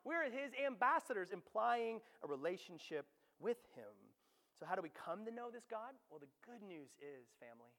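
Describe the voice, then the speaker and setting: A man's voice: sits high, very animated, normal speed, sharp tone, long reverb tail. A young adult man preaching a sermon as pastor, conversational and then emphatic, with frequent tag questions. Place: church.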